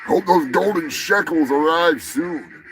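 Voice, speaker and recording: A man hosting a comedy news livestream, swearing and ranting with mock anger, swinging between shouts and mutters. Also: a little high, unhurried, soft background music, rough recording. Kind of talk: crude ranting livestream banter.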